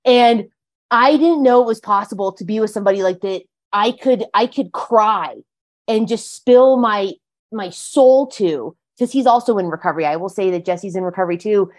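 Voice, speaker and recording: A woman's voice: mid-range voice, normal speed. Chatty woman guest, candid and emphatic. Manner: chatty and emphatic, heavy use of "like". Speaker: podcast guest sharing her recovery story. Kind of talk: casual conversational interview.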